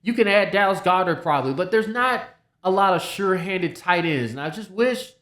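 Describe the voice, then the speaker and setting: A man's voice: sits high, expressive, brisk, fairly bright tone, roomy sound. A man hosting a solo sports podcast, talking casually, often repeating himself and restarting his sentences. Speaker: podcast host.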